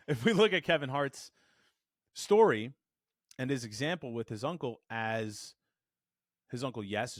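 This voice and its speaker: A man teaching a voice lesson to camera, animated and demonstrative, shifting his resonance to show the difference. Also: mid-range voice, no room sound, studio quality. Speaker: voice coach. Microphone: studio microphone.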